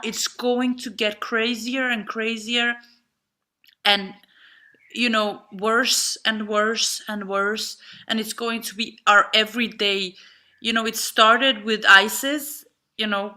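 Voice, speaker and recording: Passionate bright-voiced woman. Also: mid-range voice. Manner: passionate, repeats words for emphasis. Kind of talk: impassioned live panel talk.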